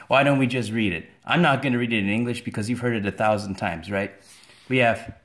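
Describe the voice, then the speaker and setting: A man giving a casual, joking Latin lesson, sarcastic and rambling, with self-deprecating asides. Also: mid-range voice. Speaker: video tutor for Latin students. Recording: echoey room.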